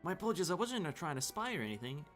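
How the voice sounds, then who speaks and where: A man doing a high, chirpy little rabbit creature, eager, fussy, talking fast, soft music behind. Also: very animated. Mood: fretful. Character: excitable small rabbit-like moon creature.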